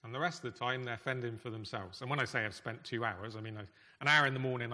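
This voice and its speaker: Bright-voiced male preacher in an echoey hall. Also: medium pitch, steady tone. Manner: conversational, emphatic, with pauses and shifting volume. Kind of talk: sermon.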